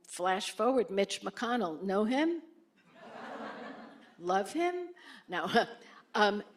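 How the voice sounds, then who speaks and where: Older woman, ex-senator on stage, chatty storyteller who acts out quotes with big pitch jumps. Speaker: former senator speaking at a lecture.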